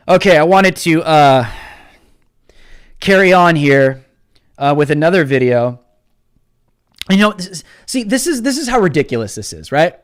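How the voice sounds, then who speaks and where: A man hosting a live stream, ranting about politics with heated passion, often shouting and taunting his viewers. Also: fairly high pitch, lively intonation, normal speed, long pauses. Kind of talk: political commentary rant.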